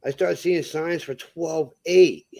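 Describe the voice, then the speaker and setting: A man from Massachusetts, a truck driver, telling a profane, animated story in casual chat and acting out what people said. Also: on the high side, slow, creaky, slight background noise.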